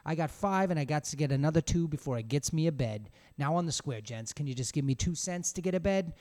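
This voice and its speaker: A man's voice: a little high, animated, quick pace, a little mellow, close to an everyday voice. A man voicing a drunken, sly beggar who pleads in a coaxing, self-pitying way with drunken dignity. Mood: wheedling.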